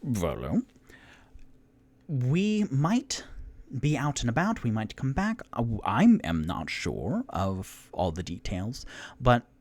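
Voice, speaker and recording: A man voicing Tutu, a flustered and eager male adventurer who rambles and apologizes in a higher, louder voice than his own. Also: wildly swooping pitch, slow pace, no room sound, heavily acted.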